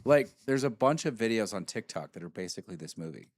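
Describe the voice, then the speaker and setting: A low-voiced man in a casual podcast chat cuts in with dry, wry questions. His voice is close and dead, with no room sound around it. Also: lively intonation, quick pace, dry recording.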